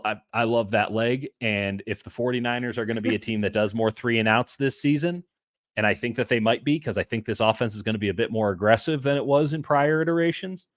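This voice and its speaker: A man co-hosting a casual sports podcast over a video call, talking in an animated way with playful asides. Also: medium pitch, dry recording, studio quality. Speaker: co-host.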